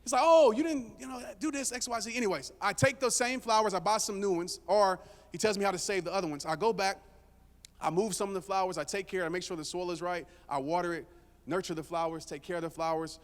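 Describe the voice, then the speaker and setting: A man's voice: high-pitched, quick pace. A man giving a motivational speech to a live audience, telling a story casually and joking with the crowd. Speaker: motivational speaker. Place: stage before a live audience. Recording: long hall reverb.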